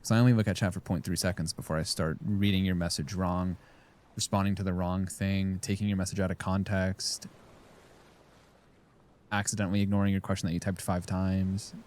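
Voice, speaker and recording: A man's voice: low-pitched, level tone, fairly quick, a little mellow. A man streaming a game, rambling and joking casually as he talks to his chat. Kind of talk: casual live-stream chat while gaming.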